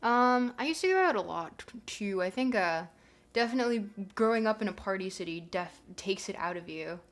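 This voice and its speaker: A woman's voice: mid-range voice, expressive, fairly quick. A woman hosting a casual livestream, chatting to her viewers in a rambling way, with plenty of fillers as she thinks aloud. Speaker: livestream host.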